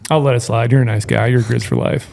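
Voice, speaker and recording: Quick gravelly man from Minnesota. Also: mid-range voice, fairly even intonation, darkish tone. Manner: teasing, quick-talking. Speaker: podcast co-host. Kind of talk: casual chat.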